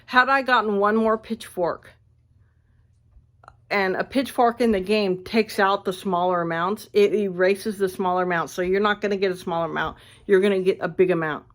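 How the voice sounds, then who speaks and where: A woman ranting casually to her viewers, blunt and animated, swearing freely, recorded on a phone indoors at a friend's house. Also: mid-range voice, normal speed. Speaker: vlogger.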